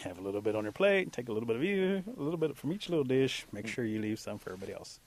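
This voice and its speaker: Male storyteller, mid-pitched, folksy and unhurried, for an animal folktale. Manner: folksy, unhurried, with lively pitch jumps for emphasis.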